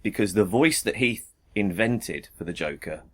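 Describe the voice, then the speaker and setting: A man, a podcast guest, talking about a film in a thoughtful, measured way. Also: fairly low pitch, animated, fairly bright tone. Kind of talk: casual film discussion.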